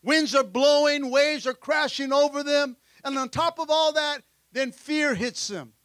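A man preaches a lively sermon in a very high, bright voice. He drives his points home with repeated calls of "amen" and bursts into the voices of the characters he describes. The sound is close and dry. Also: unhurried, dry recording. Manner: energetic preaching, frequent "amen", acts out disciples' voices. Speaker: pastor. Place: church sanctuary.

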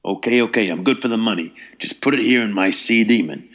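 A man's voice: on the low side, brisk, fairly bright tone. A man playing a cautious buyer haggling over a bootleg episode in a comedy skit. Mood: wary. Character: wary buyer of bootleg tapes.

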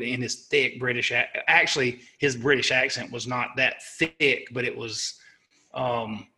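Bright-voiced man, earnest and halting. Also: medium pitch. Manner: earnest and halting, with frequent restarts and self-corrections. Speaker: interview guest, army sergeant. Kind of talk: recounting a personal war story.

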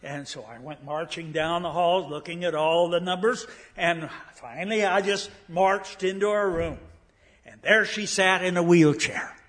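A man's voice: high voice, a little slow, a bit bright. An older man giving a guest sermon, telling a story in a folksy way with frequent fillers and restarts, in a church sanctuary. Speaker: guest preacher.

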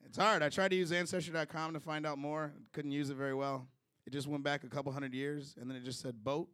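A man's voice: a little high, fairly even intonation, quick pace, a bit bright, smooth, no echo. A young man from Chicago doing a loose, chatty stand-up set with crowd work, chuckling through his own jokes. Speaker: stand-up comedian.

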